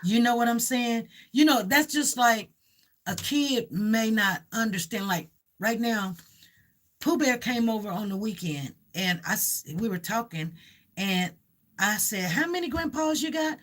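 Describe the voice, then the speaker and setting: A woman's voice: mid-range voice, a little slow, fairly bright tone. A woman hosting a casual livestream chat, rambling and repeating herself as she talks and reads out viewer comments. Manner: coaxes her dog with cooing repeats. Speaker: livestream host.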